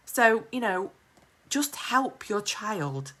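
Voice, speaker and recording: A woman's voice: medium pitch, animated, takes it slowly, fairly bright tone. A woman, a single mother talking to camera in a heartfelt casual vlog, emphatic and determined, with many "you know" fillers and close to tears.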